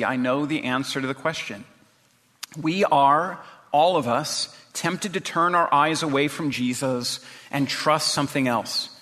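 Bright-voiced male pastor preaching. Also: a little high, in a large hall. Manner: earnest, rhetorical questions, varied emphasis. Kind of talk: sermon.

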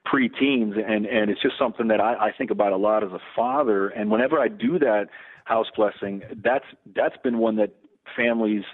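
Over a tinny phone line, a middle-aged Lutheran campus pastor speaks earnestly as a radio guest. His lowish voice holds a steady tone, though his delivery is halting and he keeps restarting sentences.

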